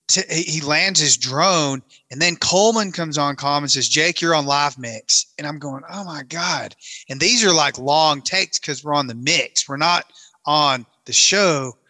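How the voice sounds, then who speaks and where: A man's voice: fairly high pitch, a little slow, pushed and bright, no room sound. A man, telling a long self-mocking story in casual chat and acting out his own lines. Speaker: camera operator telling a story.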